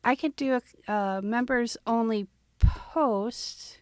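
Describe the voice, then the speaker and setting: A woman's voice: fairly high pitch, takes it slowly, a little mellow. A woman hosting an art livestream, chatting casually and thinking aloud as she goes. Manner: rambling, thinks aloud with fillers. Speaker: livestream host and artist.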